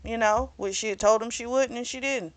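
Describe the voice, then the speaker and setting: A woman's voice: fairly high pitch, fairly quick, no echo. A woman reviewing a book in a casual recap, rambling with plenty of fillers and blunt swearing. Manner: rambling, frank, swears freely, lots of fillers.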